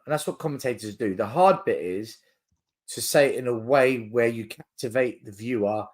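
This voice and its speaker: A man co-hosting a casual football podcast, explaining his points step by step with lively emphasis. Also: medium pitch, normal speed. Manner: animated, explains in numbered points. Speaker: podcast co-host.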